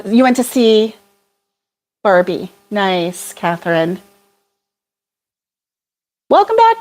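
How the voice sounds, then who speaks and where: A woman hosting a casual livestream chat, chatty and apologetic, laughing often as she reads viewer comments. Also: mid-range voice. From United States.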